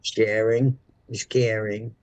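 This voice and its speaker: A man's voice: on the low side, level tone, slow pace, dry recording, low-quality recording. A man co-hosting a casual livestream, talking to the viewers in a laid-back, easygoing way. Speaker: livestream co-host.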